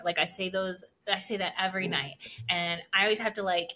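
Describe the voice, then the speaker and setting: A woman guest in a casual podcast chat, telling stories with lively quoted dialogue and laughter. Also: lowish voice, fairly quick.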